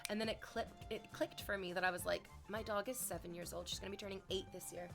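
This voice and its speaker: A woman's voice: medium pitch, steady tone, quick pace, vocal fry, over music. A young woman streaming, chatting casually with her viewers and telling a story with playful quoted voices. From Canada.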